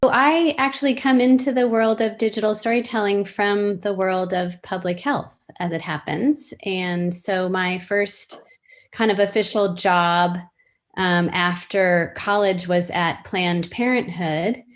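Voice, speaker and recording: A woman in her fifties, a storytelling practitioner, is a podcast interview guest discussing her work in a casual, thoughtful way. Her medium-pitched voice has fairly even intonation, and she often pauses with fillers and restarts sentences.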